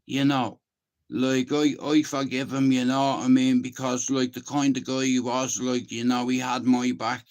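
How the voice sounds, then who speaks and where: A man's voice: medium pitch, flat delivery, normal speed, darkish tone. Emphatic Irish man around fifty. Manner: emphatic, keeps asking "do you understand?", swears freely. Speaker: channel host. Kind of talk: casual monologue to camera.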